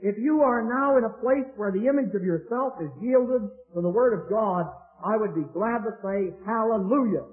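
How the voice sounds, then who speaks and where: A man preaching a sermon in a measured, anecdotal way, slowing down to stress key phrases. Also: high voice, faint music behind. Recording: tinny phone-like archival recording.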